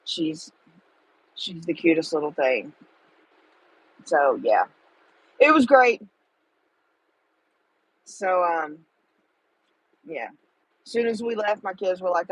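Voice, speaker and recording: A woman's voice: lowish voice, sing-song, slow, long pauses, breathy edge, low-quality recording. A middle-aged woman, talking to viewers in a casual livestream chat, tender and emotional. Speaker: livestream host.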